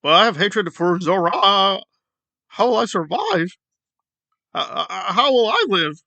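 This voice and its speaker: A man's voice: high-pitched, sing-song, unhurried, gravelly, pushed and bright, no room sound. A man hosting a commentary video, ranting in a sarcastic, exasperated way. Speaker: commentary channel host.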